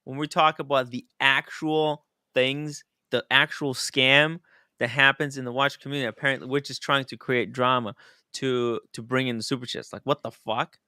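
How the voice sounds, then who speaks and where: A man hosting a casual livestream, reading out super chats, animated and laughing, swearing freely. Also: medium pitch, moderate pace, clear, resonant tone, no room sound, clean studio sound.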